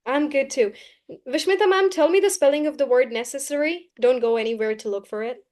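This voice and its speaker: A woman teaching a live online class, brisk and coaxing, often repeating key phrases. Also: sits high, darkish tone. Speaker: English teacher.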